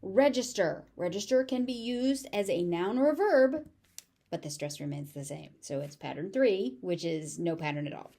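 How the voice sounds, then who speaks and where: A woman with a General American accent teaching English pronunciation, saying each word slowly and carefully and repeating it several times. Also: fairly low pitch, animated, creaky, warm tone.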